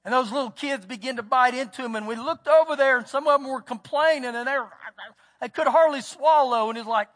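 Texan male pastor, very high pitch, folksy storyteller, preaching in a church with long reverb. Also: a little fast, a bit bright. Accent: Texas. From United States. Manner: folksy storytelling, acts out quotes. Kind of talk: sermon. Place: church sanctuary.

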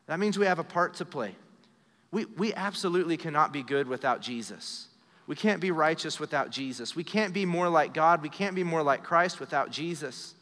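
A man in his thirties preaching a live sermon in a church, earnest and direct, dropping to a soft hush when he tells personal stories. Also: fairly high pitch, moderate pace, long reverb tail. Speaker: pastor. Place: church sanctuary during a live service.

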